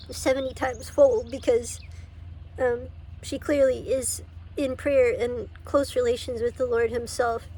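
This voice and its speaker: A woman's voice: fairly high pitch, warm tone, husky. A woman giving an emotional personal testimony on her vlog, tearful and laughing between words. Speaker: faith vlogger.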